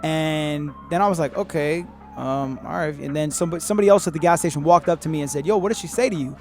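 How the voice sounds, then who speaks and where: A man hosting a podcast, telling a story in a rambling, profane, animated way and acting out what people said. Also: on the high side, fast talker, faint music behind. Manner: profane, rambling, animated retelling with acted-out quotes. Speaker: podcast host. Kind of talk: casual storytelling.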